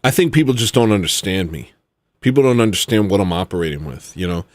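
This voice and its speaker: A man, an independent musician, ranting heatedly, swinging from low grumbling to loud exclamations. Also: expressive, quick pace, no echo. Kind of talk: ranting monologue.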